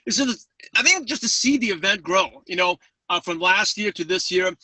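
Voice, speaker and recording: New york guy with a lisp talking fast on a webinar, sounds kinda far from the mic. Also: high voice, expressive, pushed and bright, breathy edge, dry recording. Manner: fast-talking, eager, with many fillers. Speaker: guest speaker. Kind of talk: webinar talk.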